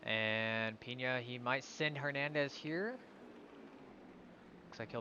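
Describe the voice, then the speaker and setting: A man's voice: medium pitch, takes it slowly, pushed and bright, muffled recording, a little hiss or hum. A man giving live commentary on an online sim race, calling out positions and sometimes stumbling over drivers' names.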